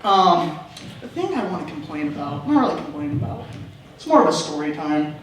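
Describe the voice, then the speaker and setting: High-voiced young man telling stand-up stories in an echoey room. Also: big pitch swings, fairly quick. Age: young adult. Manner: rambling, self-deprecating, laughing at own jokes. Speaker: stand-up comedian. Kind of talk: open mic stand-up storytelling. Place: comedy club stage. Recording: echoey room from far off, faint noise.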